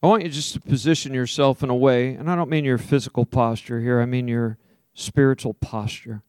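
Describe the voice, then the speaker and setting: A male pastor preaching a sermon, with a voice of middling pitch. He tells a story with acted-out quotes, then slows into a soft, prayerful invitation. The sound is dry and close. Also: fairly even intonation, clean tone, no echo.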